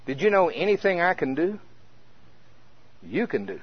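A man's voice: a little high, big pitch swings, moderate pace, breathy edge. A man voicing a patient, encouraging male lead duck who urges a friend to swim and fly. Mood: coaxing. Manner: urging, insistent. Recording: muffled lo-fi recording.

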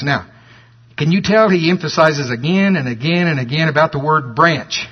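A man preaches, his voice husky and somewhat high-pitched. He reads scripture slowly and leans hard on key words, then climbs in pitch when he makes a point. The recording is dull and lo-fi, like an old sermon tape.

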